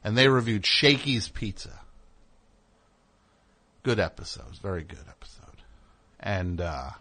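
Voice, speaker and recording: A male talk show host riffs through a comedic monologue, rambling and sarcastic and full of fillers. His voice sits a bit low, yet it has a bright, forceful edge. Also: lively intonation, measured pace.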